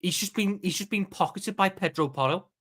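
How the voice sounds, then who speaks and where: A man's voice: high-pitched, brisk, fairly bright tone. A man with a Scouse accent, co-hosting a football watchalong in casual, sweary, joking banter. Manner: blunt, sweary, jokey banter. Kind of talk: casual chat.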